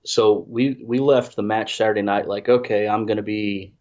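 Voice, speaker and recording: A man's voice: on the low side, steady tone, normal speed, darkish tone. A congested man telling a rambling, self-deprecating story in casual chat, full of restarts. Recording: dull lo-fi audio.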